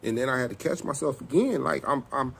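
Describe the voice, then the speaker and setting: A middle-aged man, telling a personal testimony in casual, animated speech and acting out both sides of an argument. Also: medium pitch, fairly quick, creaky, breathy edge. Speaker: self-styled apostle telling a personal testimony.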